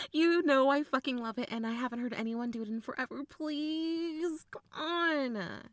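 A teasing big sister who swears without a second thought, played by a young woman. She talks slowly and unhurriedly, her voice close to the mic and completely dry. Blunt and playful, she pokes fun at her younger sibling. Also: medium pitch, expressive, no echo. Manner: teasing, blunt, swears freely, laughs often. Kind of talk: audio role-play.

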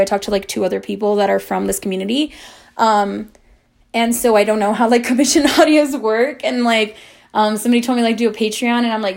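A woman's voice: medium pitch, vocal fry. A woman in her twenties telling a story in casual monologue, talking in a chatty way with lots of "like" and swearing. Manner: chatty, heavy use of "like", swearing, dramatic retelling. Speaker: amateur audio creator.

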